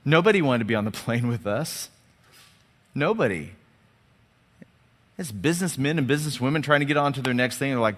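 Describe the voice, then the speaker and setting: A man preaching a sermon as a lively storyteller who acts out the dialogue and often restarts and repeats his words. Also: medium pitch, brisk, pauses often. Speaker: pastor. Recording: long hall reverb.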